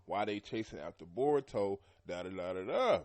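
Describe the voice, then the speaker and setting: Male podcast host, lower voice, easygoing rambling fan commentary, frequent throat clearing. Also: expressive, normal speed, darkish tone. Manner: loose and rambling, heavy with "you know" and "man"; often clears his throat. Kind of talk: casual anime commentary.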